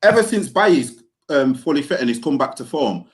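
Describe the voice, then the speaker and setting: A young man co-hosting a football podcast in slangy, animated banter. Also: medium pitch, a little fast. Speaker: podcast co-host. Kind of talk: casual podcast chat.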